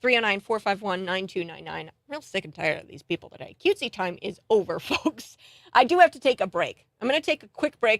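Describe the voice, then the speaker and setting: A woman's voice: mid-range voice, fast talker, no echo. Lady radio host ranting, fired up and scornful, dry close mic. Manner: animated, indignant, laughs scornfully. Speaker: radio talk show host. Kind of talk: heated political talk radio monologue.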